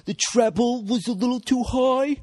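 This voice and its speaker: Man doing a pedantic male critic, fussy, high voice, dead dry sound. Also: normal speed, darkish tone, no echo. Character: nitpicky male listener complaining about sound.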